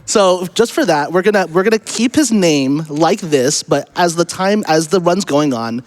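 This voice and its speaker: A man's voice: a little high, animated, normal speed. A man doing live commentary on his own speedrun, upbeat and talking straight to viewers. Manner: upbeat, addresses viewers directly. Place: charity marathon event stage.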